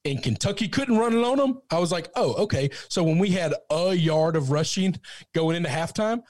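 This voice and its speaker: Animated man chatting about football. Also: high voice, brisk, no room sound, studio quality. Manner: animated storyteller, acts out quotes. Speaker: podcast co-host. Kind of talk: casual sports talk.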